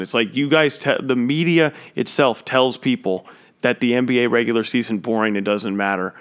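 A man giving casual live play-by-play of a basketball game as a fan, chatty and excitable, breaking into loud exclamations at big plays. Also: mid-range voice, a little fast.

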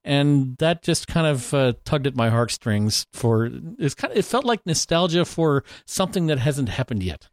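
A man's voice: mid-range voice, very animated, normal speed, few pauses, dry recording, clean studio sound. A man from Canada, co-hosting a podcast in a candid, rambling way. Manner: rambling, candid, swears freely. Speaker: podcast co-host. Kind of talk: casual chat.

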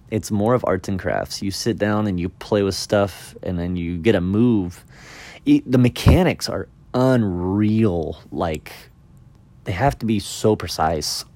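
Man, lowish voice, tired, yawning, rambling casual podcast talk. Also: a little mellow. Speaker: magician podcaster.

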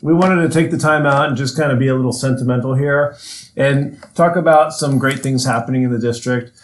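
An upbeat man hosts a casual podcast, welcoming his co-hosts and listeners and now and then groping for a word. His voice sits at a middle pitch and carries a roomy echo. A faint hiss runs underneath. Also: fairly quick. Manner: upbeat, welcoming, searches for words. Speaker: podcast host. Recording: echoey room with faint noise.

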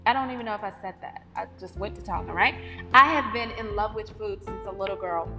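A woman's voice: mid-range voice, fairly quick, in a large hall, music in the background. A woman from North Carolina with a Southern accent, chatting emphatically and cheerfully as host of her own podcast. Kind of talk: casual solo podcast monologue.

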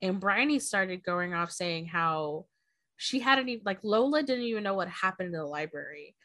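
A woman's voice: mid-range voice, expressive, moderate pace, fairly bright tone, no echo. A woman co-hosting a book podcast, casually retelling the plot and swearing often. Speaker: podcast co-host. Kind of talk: casual book-club chat.

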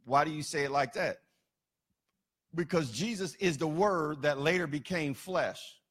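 A man with a fairly high, husky, slightly bright voice preaches a sermon a little slowly, using repetition to build emphasis. Every so often he drops into colloquial, casual asides.

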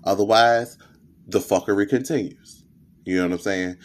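A man's voice: fairly low pitch, steady tone, moderate pace. A young man with a lisp, hosting a candid, profane personal podcast monologue. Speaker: podcast host.

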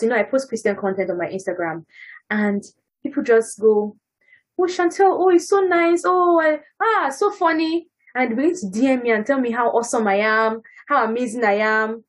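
A young woman giving a casual personal testimony on a church podcast, animated and laughing as she acts out what others say. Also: a little high, slightly rough, low-quality recording. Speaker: panel speaker on a church podcast.

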